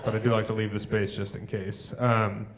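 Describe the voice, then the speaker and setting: A young man doing a live stand-up set on a theatre stage, working the crowd with dry one-liners and pausing for laughs. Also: fairly low pitch, level tone. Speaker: stand-up comedian. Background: crowd laughing and clapping.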